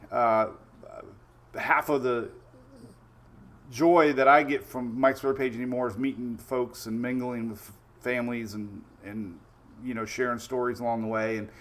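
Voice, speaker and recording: A chatty man from Florida's Gulf Coast hosts a casual weather livestream in a medium-pitched, fairly bright voice. He greets viewers by name and tells stories sprinkled with quoted asides.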